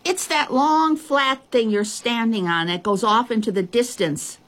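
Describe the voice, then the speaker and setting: A woman's voice: medium pitch, huge pitch swings, a little fast, husky, exaggerated voice. A woman voicing an eager little girl in a storybook reading, calling out instructions in a helpful, slightly bossy way. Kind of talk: storybook voice acting.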